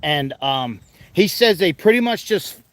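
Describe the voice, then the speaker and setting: Male farm vlogger, casual and chatty, slightly higher voice, outdoors with animals nearby. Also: expressive, a little slow. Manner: chatty, talks softly to animals.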